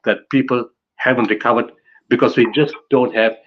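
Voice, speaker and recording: A man addresses a conference audience with emphatic, repeated build-ups and pointed rhetorical questions. His voice is mid-pitched, and the live recording sounds slightly dull. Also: fairly even intonation, normal speed. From South Africa. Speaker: conference speaker on disaster management. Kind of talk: conference talk.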